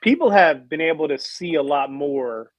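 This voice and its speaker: A man's voice: fairly high pitch, animated, moderate pace, no echo. Blunt, brash man in casual talk. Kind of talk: casual chat.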